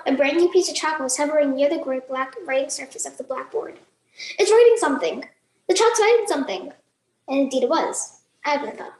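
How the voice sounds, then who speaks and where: A woman giving a dramatic reading of a novel passage, jumping into shrill voices for shouted lines. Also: echoey room, rough recording. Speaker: student performer.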